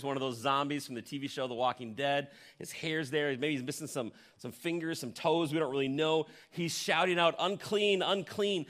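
A man with a fairly high voice preaching a sermon to his congregation. He paints the scene like a storyteller and throws questions to his listeners. His volume swings from strong emphasis down to hushed, almost whispered lines. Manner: addresses the congregation directly with questions. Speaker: pastor.

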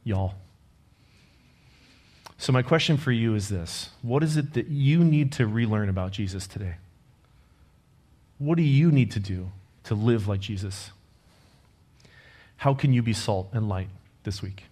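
A man's voice: on the low side, a little slow, long pauses. A man preaching a sermon, telling a personal story in an earnest, conversational way and closing with a prayer. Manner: closes in quiet prayer.

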